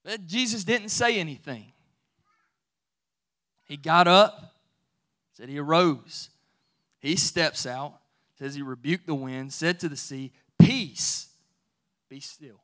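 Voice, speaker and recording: A man preaching to his congregation in a high, bright voice. He talks in a loose, conversational way, then builds to firm, emphatic declarations. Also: slow pace, pauses often. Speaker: pastor. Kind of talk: sermon.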